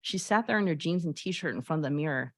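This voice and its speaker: Brief: woman doing a 13-year-old girl, eager and rushed, confiding, voice lifted above her low own pitch, dry sound. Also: expressive, dry recording. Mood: grieving. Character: anxious grieving thirteen-year-old girl cosplayer.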